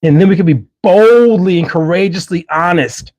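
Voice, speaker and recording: A man's voice: sits high, normal speed, a little mellow. A middle-aged man hosting a livestream, giving an earnest, emphatic faith-based motivational talk and repeating key phrases. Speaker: livestream host.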